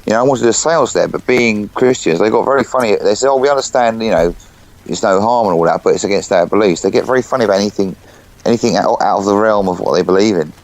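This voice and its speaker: A man with a lowish voice talks fast, in a quick, casual way. He chats loosely with his co-hosts. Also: poor audio. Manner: quick and conversational. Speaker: podcast co-host. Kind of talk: casual chat.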